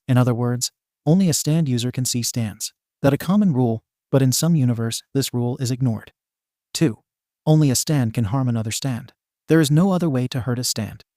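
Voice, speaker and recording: A man's voice: mid-range voice, dark tone, no echo, clean studio sound, close to an everyday voice. A man reading the lines of a self-proclaimed male god who explains rules in a lecturing, matter-of-fact way, in a fan storybook reading.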